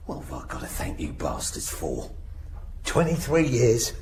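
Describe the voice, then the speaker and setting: A bitter older ex-convict with a rough, gravelly British voice. His pitch swings widely as he stumbles through his memories, halting and broken-up. This is radio drama acting. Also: wildly swooping pitch, a little mellow, slight background noise, full character voice. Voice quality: gravelly, husky. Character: gruff older man freed after decades in prison.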